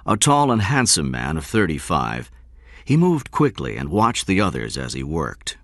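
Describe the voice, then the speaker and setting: A man reading a story aloud in expressive, measured scripted narration. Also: a bass voice, no echo, studio quality. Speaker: audiobook narrator.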